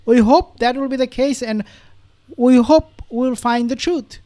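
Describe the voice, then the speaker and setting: High-voiced man reacting with indignation. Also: a little slow, warm tone. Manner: indignant, sarcastic. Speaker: political commentary host. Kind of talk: reacting to news clips.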